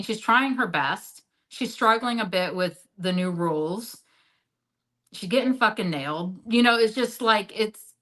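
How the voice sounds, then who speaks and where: Bright, blunt, profane woman storyteller. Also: poor audio. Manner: blunt and heavily profane, leans on "like" as a filler; animated, jumps up and drops low in pitch and loudness. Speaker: interview guest. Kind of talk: candid storytelling in a sit-down interview.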